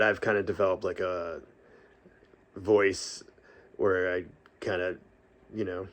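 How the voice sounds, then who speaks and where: Laughing, rambling man with a low voice. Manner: laughs often, rambling with restarts and fillers; breathy sigh after long phrases. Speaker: podcaster. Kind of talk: casual vlog talk.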